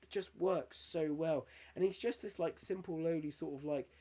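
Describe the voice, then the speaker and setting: A man's voice: a little high, normal speed, dark tone. A man in his thirties, co-hosting a podcast in casual chat, candid and sweary, getting emotional as he tells stories. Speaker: podcast co-host.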